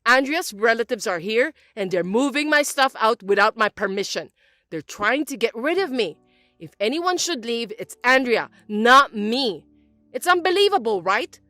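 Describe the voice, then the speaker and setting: A domineering mother-in-law, voiced by a woman, scolds in a high, indignant tone that leaps up and down. Faint music plays underneath the story narration. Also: very animated, normal speed, sharp tone, dry recording, clean studio sound. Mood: whining. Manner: indignant, accusing and whiny. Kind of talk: scripted story voice-acting.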